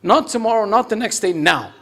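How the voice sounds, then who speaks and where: A man's voice: sits high, animated, fairly quick, a bit bright, voice pushed up. A man voicing an impatient, wealthy merchant in a told story, pressing urgently and insistently. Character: rich, impatient old-time merchant.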